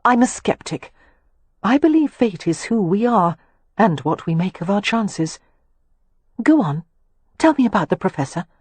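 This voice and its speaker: A woman's voice: mid-range voice, big pitch swings, unhurried, long pauses, darkish tone, slightly rough, no room sound, voice pushed up. A woman reading a prim, skeptical young lady. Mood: curious. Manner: prim, questioning, guarded.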